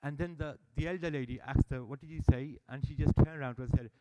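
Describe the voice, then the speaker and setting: A man's voice: on the high side, quick pace, smooth, muffled recording. A man giving a speech at a public meeting, telling stories and acting out the dialogue with energy. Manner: animated storyteller, acts out dialogue. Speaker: service user speaker at annual meeting. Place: meeting hall.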